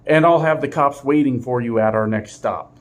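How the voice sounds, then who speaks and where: A man's voice: medium pitch, normal speed, lightly acted. A man voicing a stern middle-aged male bus driver who makes blustering, threatening announcements.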